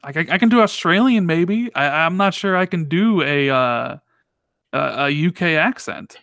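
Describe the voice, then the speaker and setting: Gravelly Chicago man, casual podcast chat. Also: on the high side, animated, moderate pace, fairly bright tone, dry recording, clean studio sound. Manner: hesitant, reads out viewer messages. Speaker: podcast co-host.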